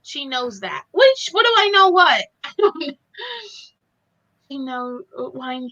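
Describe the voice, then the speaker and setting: Giggly high-voiced American woman. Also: very animated, slow, pauses often, pushed and bright, poor audio. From United States. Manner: giggly, keeps breaking into laughter. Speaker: co-host. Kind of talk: casual chat.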